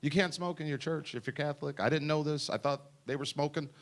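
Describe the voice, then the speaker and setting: A man's voice: a little high, steady tone, quick pace. A man performing a stand-up comedy routine at a party, joking and teasing the audience. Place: party venue with a live audience.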